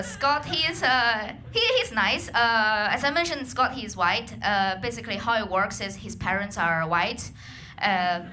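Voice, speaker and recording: Bright high Chinese-accented woman comic. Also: slight background noise. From China. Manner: animated, lively voice acting of others. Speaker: stand-up comedian. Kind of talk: stand-up comedy set. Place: comedy club stage.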